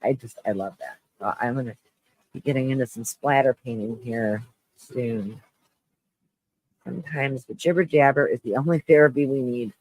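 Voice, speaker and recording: A man hosting a live stream, chatting with viewers in a low, shaky-voiced mood, halting and restarting as he rambles. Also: dry recording, poor audio. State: shaky voice, close to tears. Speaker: livestream host.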